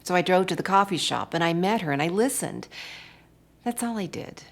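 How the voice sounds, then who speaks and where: A woman's voice: fairly low pitch, lively intonation, a little fast. Older woman telling a devotional story. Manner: personal storytelling, warm and reflective. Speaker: speaker. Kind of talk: devotional talk.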